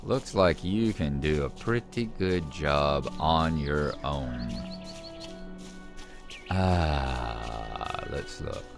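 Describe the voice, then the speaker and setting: Low slow guy rambling over his game, talks back to the npcs, music going under him. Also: expressive, creaky. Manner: chatty, talks to the game characters. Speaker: gameplay host. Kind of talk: casual gameplay commentary.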